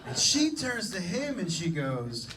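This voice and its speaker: A man doing live stand-up on a comedy club stage, telling a story in an animated, profane way. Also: high voice, a little slow, recorded from a distance, slight background noise, poor audio. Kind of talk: live stand-up crowd work.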